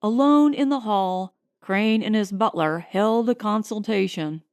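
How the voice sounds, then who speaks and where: A woman narrating an audiobook in a measured, expressive storytelling manner, recorded at home. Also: mid-range voice, clear, resonant tone, dry recording, studio quality. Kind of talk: scripted narration.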